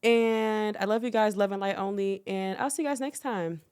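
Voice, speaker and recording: A woman's voice: mid-range voice, normal speed, a little mellow, clean tone. A young woman in her twenties hosting a podcast in casual chat, laughing often and echoing her guest's phrases. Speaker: podcast host.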